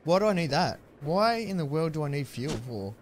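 Excitable man streaming a game. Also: a little high, a little fast, slight background noise. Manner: chatty, excitable, yells thanks to viewers. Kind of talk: live-stream gameplay commentary.

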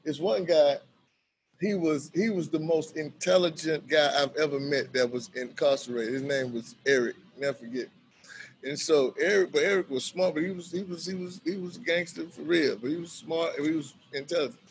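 A middle-aged man, a bishop, telling stories casually in a conversation, animated and quick to laugh. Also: on the high side, slight background noise. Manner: animated, acts out quoted voices, laughs often. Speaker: bishop and violence-prevention worker.

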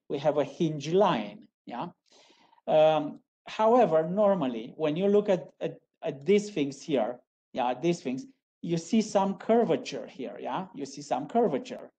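A woman giving a university geology lecture, who ends phrases with a checking "yeah?" and repeats key terms, with frequent halting restarts. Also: low-pitched, dark tone.

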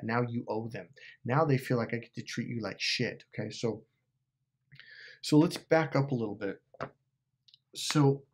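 A man talks straight to his viewers in an emphatic rant, swearing freely and repeating words for force. His voice is husky, with a middling pitch. He sounds casual and unscripted. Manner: profane, emphatic, repeats himself. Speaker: YouTuber.

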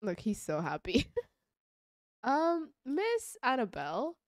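A woman's voice: sits high, huge pitch swings, slow, no room sound, clean studio sound. A woman giving casual, chatty gameplay commentary, gushing and giggling as she goes. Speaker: let's play creator.

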